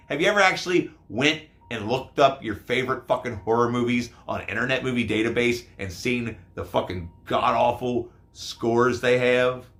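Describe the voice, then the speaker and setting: Profane rambling male vlogger, slightly hoarse, animated pitch swings. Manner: profane, rambling, swings between loud rants and mumbles. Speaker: YouTube collector vlogger. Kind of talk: casual profane vlog.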